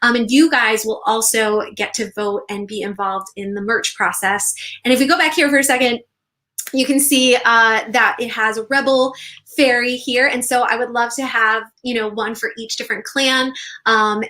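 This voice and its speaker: Bubbly bright-voiced woman livestreaming. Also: fairly high pitch. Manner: bubbly, excitable, squeals over viewer comments. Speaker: author and livestream host. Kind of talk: casual livestream chat with viewers.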